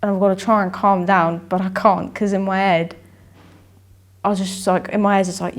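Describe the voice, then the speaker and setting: A woman's voice: mid-range voice, level tone, normal speed. A young woman, a boxer telling her story in an interview, rambling, repeating herself and acting out what she and others said. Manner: rambling, repeats herself, acts out her own inner voice and dialogue. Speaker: amateur boxer, interview guest.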